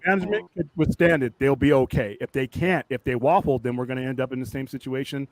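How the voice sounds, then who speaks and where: Fast-talking, teasing male panelist. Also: medium pitch, fairly even intonation, no echo. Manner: teasing, blunt, quick remarks. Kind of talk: casual livestream chat.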